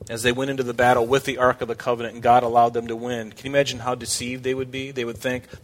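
A man's voice: fast talker, few pauses. A man preaching a Bible sermon in a conversational way, talking straight to his congregation and raising his voice when he quotes scripture. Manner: animated, shifts pitch when quoting scripture figures. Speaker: pastor. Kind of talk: expository sermon.

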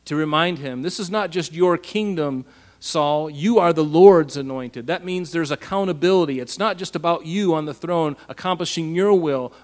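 A pastor preaching a casual, animated Bible-teaching sermon, asking his listeners rhetorical questions. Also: fairly high pitch, in a large hall.

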